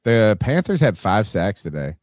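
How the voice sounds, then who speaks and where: A man's voice: on the low side, very animated, moderate pace, a little mellow, dry recording, studio quality. A man hosting a sports podcast, reading an ad and giving rambling, casual game analysis. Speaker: podcast host. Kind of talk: casual sports talk and ad read.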